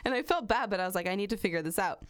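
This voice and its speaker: A woman's voice: mid-range voice, animated, very fast, clear, resonant tone. Chatty woman telling a story. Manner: chatty, laughs often, lots of fillers. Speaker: podcast co-host telling a true-crime story. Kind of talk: casual chat.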